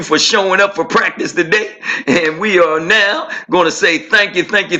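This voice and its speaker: A high, bright male voice with a hyped, playful manner. He wraps up a segment on a group call, laughing easily and keeping the energy up with sports talk. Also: highs cut off. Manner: hype, playful, basketball metaphors, laughs a lot. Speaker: segment host.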